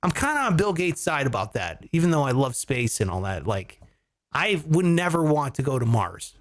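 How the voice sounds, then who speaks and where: A man hosting a comedy podcast, chatting casually, swearing and joking with animated energy. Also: mid-range voice, normal speed. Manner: animated, swearing, mock voices for jokes.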